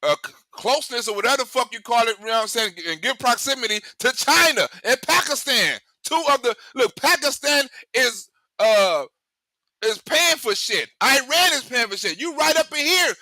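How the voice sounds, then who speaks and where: A male host giving rambling, profane political commentary in an animated way, cursing heavily. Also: very high voice, normal speed, no echo.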